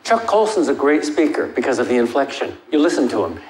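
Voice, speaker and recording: A man's voice: sing-song, brisk, darkish tone. Older male lecturer, wry and emphatic Q&A answers, echoey hall, faint hiss. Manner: emphatic, wry, rises in pitch for stress. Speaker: lecturer answering audience questions. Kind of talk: Q&A after a lecture.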